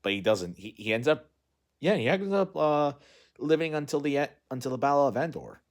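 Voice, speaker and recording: A man's voice: a little high, animated, brisk. A man casually recapping a movie in a rambling, unscripted way, full of fillers and restarts. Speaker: movie vlogger.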